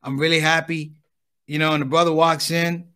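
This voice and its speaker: A man performing a stand-up comedy set, telling stories with lively delivery and acting out the people in them. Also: fairly high pitch, moderate pace, clean tone. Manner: animated storytelling, acts out other voices. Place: on stage at a conference.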